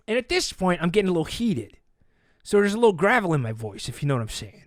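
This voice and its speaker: A man's voice: sits high, fast talker, no echo. Podcast host guy spinning a funny story, acts out the voices, dry close sound. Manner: animated, acts out quoted voices. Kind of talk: comedic storytelling.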